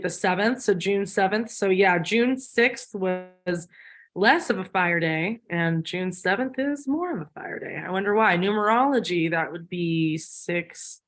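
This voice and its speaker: A woman hosts a relaxed spiritual talk. She chats loosely and thinks out loud, with plenty of fillers and soft giggles. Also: fairly low pitch, unhurried. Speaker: host. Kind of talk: casual spiritual chat.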